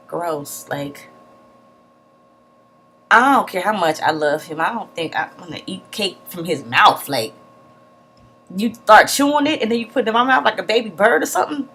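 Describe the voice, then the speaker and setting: A woman's voice: fairly high pitch, husky. A woman recapping a reality show episode in a casual vlog, blunt and profane, acting out what people said. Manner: animated retelling with acted-out quotes, profane, blunt. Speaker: TV show reviewer.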